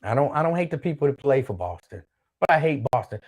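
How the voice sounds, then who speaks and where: A man's voice: mid-range voice, sing-song, fast talker, a little mellow. A man hosting his own show, chatting casually on his own and reading out viewer comments in a loose, rambling way that repeats itself. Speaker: show host.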